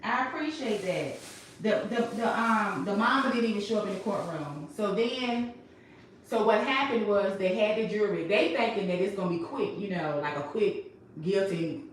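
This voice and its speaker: A woman hosting a casual recap chat, telling the story with emphatic, animated delivery. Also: medium pitch, moderate pace, slight background noise. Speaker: host. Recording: echoey room, mic at a distance.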